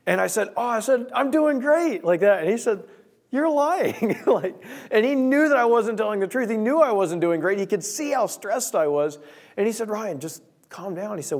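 A man's voice: fairly high pitch, a little mellow. A young man preaching a sermon, earnest, reading scripture and telling a personal story.

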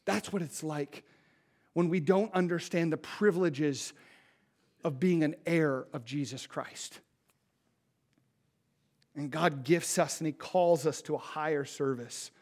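A man preaching a sermon, impassioned and pleading, dropping to a hush and then rising loud. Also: fairly high pitch, measured pace, long pauses. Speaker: pastor.

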